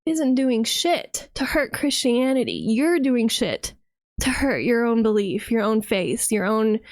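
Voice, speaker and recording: A woman's voice: on the high side, very animated, unhurried, no echo. A woman from the United States who streams as a vtuber, delivering a heated, profane and sarcastic reaction rant.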